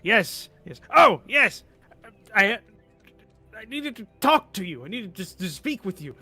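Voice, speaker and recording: Brief: man as a sleep-deprived traveler, frantic and stammering, slightly high, bright voice. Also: breathy edge, soft background music, full character voice. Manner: hurried, stammering, excited.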